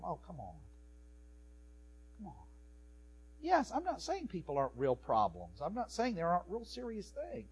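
A man, a pastor, preaching a sermon with animated swings from soft to loud. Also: sits high, moderate pace, long pauses, husky. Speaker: pastor and professor.

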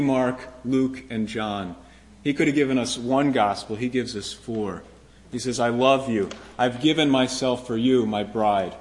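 Preaching to his congregation with a medium-pitched voice, this pastor is earnest and emphatic. He tends to repeat phrases, and his voice lifts whenever he quotes a promise.

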